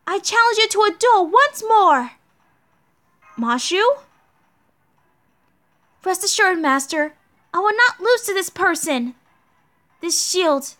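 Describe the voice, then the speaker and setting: A woman's voice: extremely high pitch, bright, forceful tone, voice pushed up, heavily acted. A woman voicing an earnest young female shield knight with an emphatic, determined delivery while reading a game story aloud.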